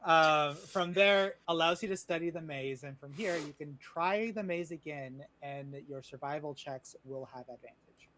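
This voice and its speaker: A man's voice: on the high side, moderate pace, sharp tone, low-quality recording. A man narrating a tabletop game as dungeon master in a chatty, loose way over a video call. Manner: chatty, loose, many "like" fillers.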